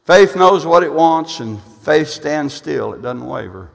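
Pastor guy preaching, kinda high gravelly voice, big loud bursts then quiet asides, church hall echo. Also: expressive, measured pace. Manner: emphatic, swings from loud bursts to low asides; repeats and restarts phrases. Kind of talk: sermon. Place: church sanctuary. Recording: long reverb of a church hall.

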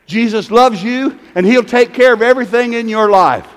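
A man with a high voice preaches a sermon from the pulpit, repeating his lines and dropping from loud calls to near-hushed asides. His voice rings out in the long reverb of a large church hall. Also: normal speed, clear, resonant tone. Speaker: pastor. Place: church sanctuary.

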